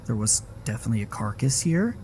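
A man streams a horror game live, his medium-pitched voice very animated and quick over a noisy background. He rambles, cuts himself off, swears casually, and keeps dropping laughing asides in this relaxed gaming commentary.

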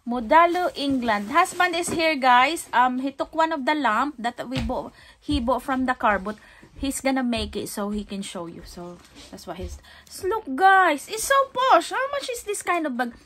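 A woman filming a casual haul vlog at home, chatty, excited about bargains and repeating "guys" as she shows each item. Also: sits high, normal speed, a little hiss or hum. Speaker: vlogger. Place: home, indoors.

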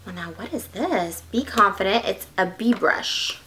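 A young woman vlogging an unboxing in a bubbly, excitable, gushing way. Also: mid-range voice, unhurried. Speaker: beauty vlogger. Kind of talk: casual unboxing vlog.

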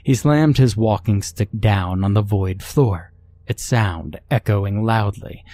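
A man narrating a horror story in a measured, steady storytelling manner. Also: on the low side.

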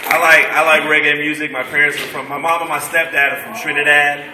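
A man's voice: on the high side, little pitch movement, fast. A young man doing stand-up, joking loosely and chatting with the audience at a college show. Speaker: stand-up comedian. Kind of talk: stand-up crowd work. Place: college event hall. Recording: echoey room from far off, loud crowd noise. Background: audience laughing and clapping.

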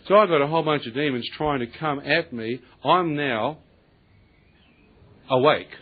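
Male preacher, husky voice on a tinny recording, tells his story with lively acted-out dialogue. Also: a little high, a little slow. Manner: animated storyteller, acts out voices, laughs often, colloquial. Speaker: preacher giving testimony. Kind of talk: testimony sermon.

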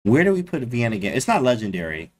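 A man streaming casually to his chat, slangy and animated, repeating his phrases. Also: mid-range voice, quick pace. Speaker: chess streamer.

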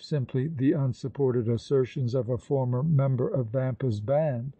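A male narrator reads a classic novel in a measured, even way. His voice is dark and mellow. The recording is dry, close and slightly dull. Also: medium pitch, no echo, distant mic. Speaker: audiobook narrator. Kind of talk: scripted narration.

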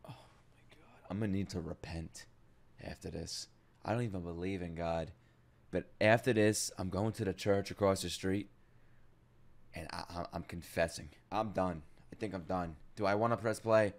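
A young man hosting an anime reaction, talking casually, swearing and swinging between loud outbursts and low mutters. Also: moderate pace. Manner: loud, excitable, swears, jumps between shouting and mumbling.

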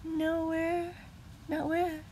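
A woman's voice: very high-pitched, completely flat delivery, drawn-out words, a little mellow, a little hiss or hum, voice pushed up, heavily acted. A woman voicing a cold, sneering villainous man in a storybook reading. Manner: sneering, mocking.

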